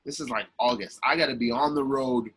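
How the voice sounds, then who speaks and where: A young man telling a story as a podcast guest, emphatic and lively, with many restarts. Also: mid-range voice, fairly quick, slightly rough, rough recording. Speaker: guest, actor and comedian. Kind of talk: animated storytelling in a podcast interview.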